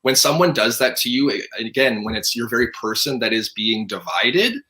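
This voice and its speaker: Guest: young man, bright forceful tone, earnest, punchy delivery, mid pitch. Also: lively intonation. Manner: earnest, emphatic, talks in quick bursts with restarts. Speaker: interview guest. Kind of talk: casual conversation.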